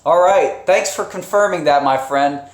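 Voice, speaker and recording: A man with a somewhat high voice hosts a casual live stream for his channel at a moderate pace. He rambles loosely, restarting sentences often, chuckling and swearing as he goes. The room gives the audio a roomy echo.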